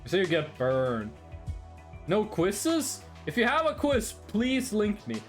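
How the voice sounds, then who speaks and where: Streaming games from a room in his home, a native Norwegian speaker talks slowly in a medium pitch over soft background music. The chat is animated and rambling, full of jokes, with some swearing mixed in.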